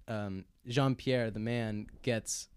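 A young man in his twenties telling a story in casual chat, breaking into loud impressions and laughing as he goes. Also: fairly low pitch, fairly even intonation, takes it slowly, clear, resonant tone, no echo. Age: 20s.

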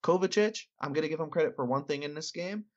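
A man's voice: a little high, quick pace, dull audio. Rambling man in casual sports chat. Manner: rambling, with many restarts and hedges. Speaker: podcast co-host.

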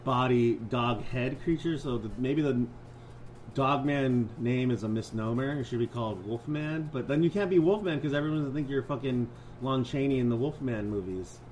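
A man's voice: mid-range voice, moderate pace, a little mellow, a little hiss or hum, poor audio. A man co-hosting a casual podcast chat, joking around with lots of swearing. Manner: joking, profane banter. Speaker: podcast co-host.

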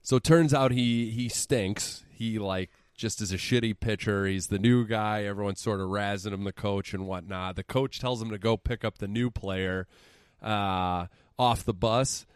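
Young male podcaster, low voice, dry close sound; sarcastic, profane recap delivery. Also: fairly even intonation, normal speed, smooth, no echo. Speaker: podcast co-host. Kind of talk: casual podcast movie recap.

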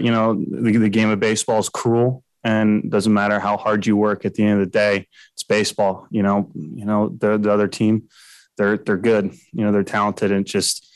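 Flat, low-voiced blunt ballplayer. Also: male voice, dry recording, poor audio. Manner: blunt, halting, many fillers. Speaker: baseball pitcher. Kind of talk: postgame press interview.

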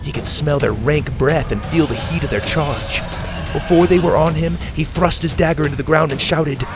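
A man reading a scripted children's adventure story as the show's storyteller, in an even, measured way. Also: a little high, over music.

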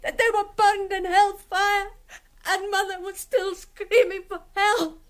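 An actress playing a fragile, simple-minded young woman in a radio drama, speaking slowly and haltingly. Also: high voice. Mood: hysterical. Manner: slow, halting, breaks into terrified screaming. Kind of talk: 1970s radio drama acting.

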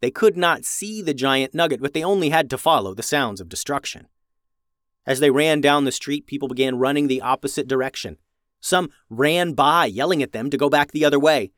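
A man reading a children's adventure story aloud, with lively voices for the characters. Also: medium pitch, brisk, no echo, clean studio sound. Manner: animated, raises voice for characters' lines.

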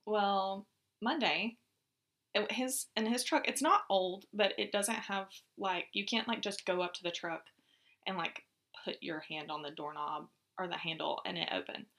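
A woman co-hosts a laid-back podcast. Her voice is bright and a little tense, with a heavy gravelly fry. She rambles through her stories with plenty of fillers. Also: mid-range voice, moderate pace. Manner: chatty, many fillers. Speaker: podcast co-host. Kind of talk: casual chat.

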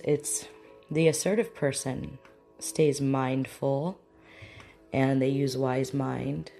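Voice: mid-range voice, gravelly, dark tone. A parent teaching a casual spoken lesson on communication styles, easily acting out little example dialogues. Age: adult with children. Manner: conversational, acts out example dialogues. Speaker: mindfulness teacher.

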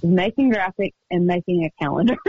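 A woman singer-songwriter chatting as a guest in a radio interview, telling stories in an upbeat, quick way. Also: on the low side, animated, breathy edge, dull audio. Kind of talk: casual radio interview chat. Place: remote call from home studio.

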